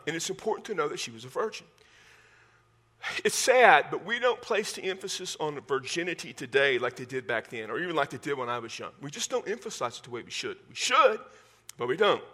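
A man's voice: on the high side, a bit bright, husky. A man preaching a sermon in a folksy way, joking with the congregation and often repeating words as he restarts. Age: 50s. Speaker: pastor.

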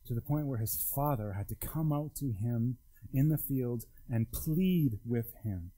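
Mellow-voiced pastor preaching. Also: male voice, lively intonation, unhurried, poor audio. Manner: conversational, emphatic, wide pitch swings. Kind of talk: sermon.

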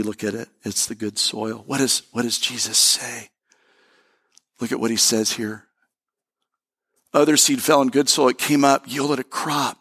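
Gravelly-voiced pastor preaching with energy. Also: male voice, a little high. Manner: animated preaching with repeated phrases and asides to the congregation. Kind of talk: sermon.

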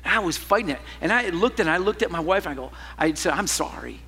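A man preaching a sermon as a pastor, telling a personal story with animated swings from loud to hushed. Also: sits high, very fast, husky, big-room sound.

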